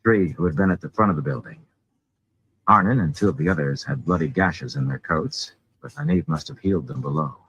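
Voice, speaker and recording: A man with a low, husky voice reads a fantasy novel aloud, his pitch rising and falling expressively. The sound is dull and lo-fi, as from a simple home microphone. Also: big pitch swings, brisk, a bit bright. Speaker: audiobook reader.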